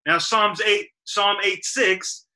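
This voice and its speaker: A man's voice: high-pitched, steady tone, slow pace, sharp tone, rough recording. A man giving a Sabbath Bible study lecture, working carefully through verses and stressing strings of verbs one by one. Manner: methodical, stressing lists of verbs with emphasis. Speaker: Bible teacher.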